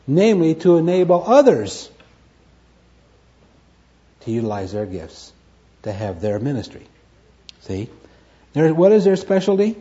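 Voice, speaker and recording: A man's voice: mid-range voice, warm tone. A man teaching a Bible study lecture, stressing key words, repeating them and asking and answering his own questions. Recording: dull lo-fi recording.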